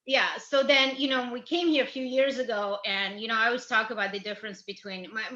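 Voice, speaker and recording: A woman from Ukraine chatting casually as a comedy guest, animated and rambling with a self-deprecating streak. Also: fairly high pitch, a little fast. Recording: echoey dull-sounding room.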